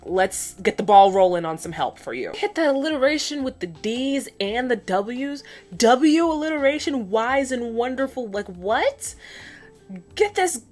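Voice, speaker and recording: A woman's voice: medium pitch, fairly bright tone. A young woman vlogger, chatty and slangy, who laughs often as she recaps a cartoon while doing her makeup. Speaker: beauty vlogger.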